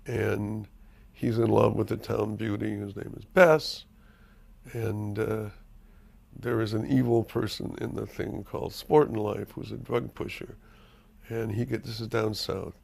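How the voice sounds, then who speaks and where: A man's voice: fairly low pitch, measured pace, gravelly. An older man, a screenwriter, telling stories in an interview with a profane, emphatic manner. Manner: animated storyteller, profane and emphatic. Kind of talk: candid interview storytelling.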